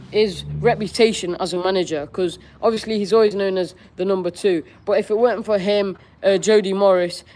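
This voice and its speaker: A man's voice: sits high, a little mellow, slight background noise. A young man hosting a live-stream Q&A, reading viewers' questions aloud and answering in a chatty, candid way with casual slang. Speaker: football fan streamer.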